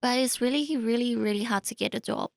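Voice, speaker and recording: A woman's voice: a little high, a little fast, vocal fry, no echo, studio quality. A young woman chatting as a podcast guest, laughing often between her answers. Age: young adult. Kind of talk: casual chat. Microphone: studio mic, speaking close.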